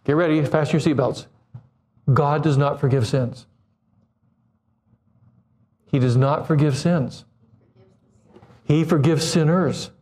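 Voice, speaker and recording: A man in his seventies preaching a sermon, animated, acting out quoted voices and putting questions to the congregation. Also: fairly high pitch, takes it slowly, pauses often. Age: 70s.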